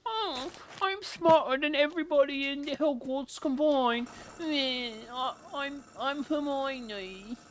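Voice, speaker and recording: A man mimicking a snobby know-it-all schoolgirl in a mocking falsetto. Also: slow pace, hardly any pauses, a little hiss or hum, low-quality recording. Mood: snooty.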